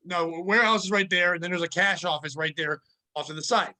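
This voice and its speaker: A man co-hosting a podcast, telling work stories in a casual, profane, animated way and acting out the people in them. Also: high-pitched, fast, poor audio. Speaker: podcast co-host. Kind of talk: casual storytelling chat.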